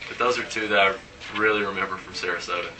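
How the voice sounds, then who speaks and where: A man's voice: low voice, steady tone, fast talker, far from the mic, noisy background. A man, a professional baseball player, telling stories in a casual interview and animatedly acting out the dialogue in his anecdotes.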